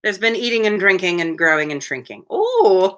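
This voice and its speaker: Lively bright-voiced woman reading aloud. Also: fairly low pitch, quick pace, clean tone. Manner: chatty, laughs at her own asides. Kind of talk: casual read-aloud with commentary.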